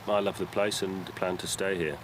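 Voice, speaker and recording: A middle-aged farmer from Cumbria with a very deep voice, speaking haltingly with many pauses and ums. He is recorded outdoors on a farm, with clear rural noise and insects behind him. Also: steady tone. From Cumbria, England. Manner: modest, hesitant, many ums. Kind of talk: documentary interview.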